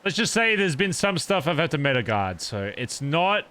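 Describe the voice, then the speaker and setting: Bright-voiced chatty male streamer. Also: a little high, sing-song, normal speed, clean tone. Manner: chatty, addresses viewers directly, frequent "okay?". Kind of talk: casual end-of-stream chat.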